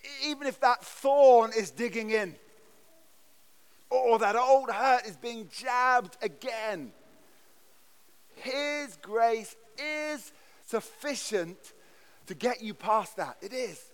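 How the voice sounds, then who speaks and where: In a church, a pastor with a very high-pitched voice preaches an unhurried sermon. His delivery is earnest and emphatic, with frequent stammered restarts.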